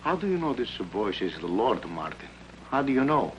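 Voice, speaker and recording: An actor playing a hopeful, wondering neighbor in an old film, tentative in manner. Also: male voice, mid-range voice, big pitch swings, moderate pace, background noise, close to an everyday voice. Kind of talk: 1950s film acting. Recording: dull lo-fi old film sound with music.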